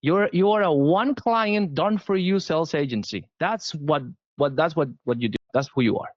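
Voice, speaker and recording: A man's voice: a little high, moderate pace, no echo, lo-fi sound. A man with a Spanish accent, a guest giving advice in a casual interview, emphatic and often repeating words as he restarts. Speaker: sales guest.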